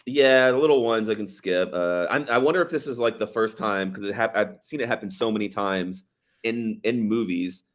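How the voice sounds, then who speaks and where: A man in his thirties co-hosting a casual movie review chat, wry and quick, now and then quoting lines in mock voices. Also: fairly low pitch. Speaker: podcast co-host.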